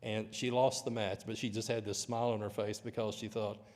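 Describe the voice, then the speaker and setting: A man's voice: lowish voice, level tone, brisk, a little mellow, in a large hall. A man teaching a Bible lesson in church, with a conversational, storytelling manner. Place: church auditorium.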